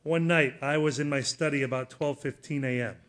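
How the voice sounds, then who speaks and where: Earnest middle-aged male preacher, slightly high. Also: fairly even intonation, brisk. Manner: earnest storytelling, rising to loud emphasis. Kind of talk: sermon with personal story.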